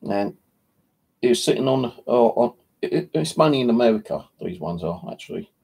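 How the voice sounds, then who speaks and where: A man's voice: medium pitch, big pitch swings, normal speed, vocal fry, a little mellow, breathy edge. A man hosting a paranormal channel, chatting casually in a rambling, sweary way with constant filler. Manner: rambling, sweary, heavy "you know" filler. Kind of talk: casual livestream chat.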